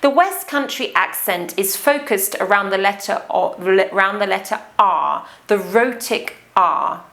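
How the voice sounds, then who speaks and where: Slow, careful RP English woman teacher. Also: medium pitch, animated, gravelly, a bit bright. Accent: English received pronunciation. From England. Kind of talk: accent lesson.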